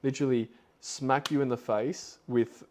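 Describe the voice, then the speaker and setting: A man's voice: medium pitch, steady tone, normal speed, a little mellow, a little hiss or hum. A man hosting a podcast, retelling a story in a loose, rambling way with lots of fillers. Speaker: podcast host.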